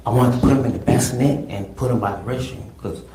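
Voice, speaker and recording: A man giving halting courtroom testimony, repeating words and often saying "man". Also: mid-range voice, steady tone. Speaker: defendant testifying. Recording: echoey courtroom with noise.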